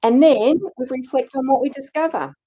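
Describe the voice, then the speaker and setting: A woman's voice: high-pitched, moderate pace, mellow, poor audio. A middle-aged woman coaching a challenge group on mindset, earnest and encouraging, acting out inner self-talk.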